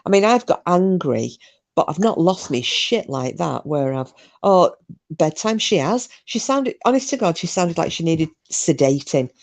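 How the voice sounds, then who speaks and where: A woman's voice: lowish voice, animated, moderate pace, a little mellow. Chatty sweary woman streamer. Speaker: live-stream host. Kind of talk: casual live-stream chat, reading comments.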